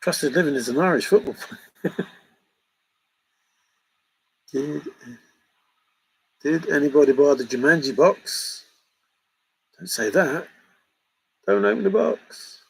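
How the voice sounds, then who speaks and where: A man's voice: on the high side, lively intonation, slow pace, creaky, long pauses, breathy edge, low-quality recording. A middle-aged man hosting a livestream, joking and laughing as he banters with viewers in the chat. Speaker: livestream host answering chat. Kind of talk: casual chat.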